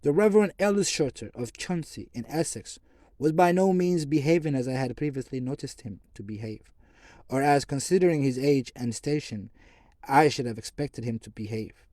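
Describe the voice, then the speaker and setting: A male audiobook narrator with a dark, mellow voice reads in first person at a measured pace. He sometimes trips over a word and restarts it. The sound is dry and close. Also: mid-range voice, no echo. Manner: measured reading with occasional stumbles and restarts.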